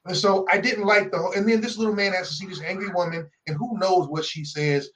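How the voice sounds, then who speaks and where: A man co-hosting a podcast, telling a story in a casual, profane, animated way and acting out the people in it. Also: high-pitched, quick pace, rough recording. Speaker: podcast co-host. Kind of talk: casual chat, storytelling rant.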